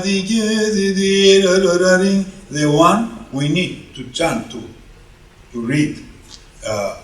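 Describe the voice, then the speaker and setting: A man teaching Byzantine chant in a workshop, explaining slowly and carefully and often chanting note names. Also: medium pitch. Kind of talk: workshop lesson. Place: parish hall. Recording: roomy hall, distant mic, faint hum.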